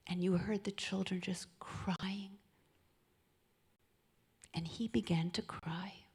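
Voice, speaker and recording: A woman giving an inspirational talk on marriage, often dropping into a soft, intimate near-whisper. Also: mid-range voice, steady tone, slow, long pauses, husky. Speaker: speaker at a charity event.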